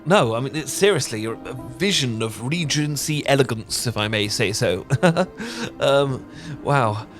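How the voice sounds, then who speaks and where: A man's voice: medium pitch, lively intonation, measured pace, over music. Stammering apologetic British man. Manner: laughs often. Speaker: ASMR roleplay performer. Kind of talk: audio role-play.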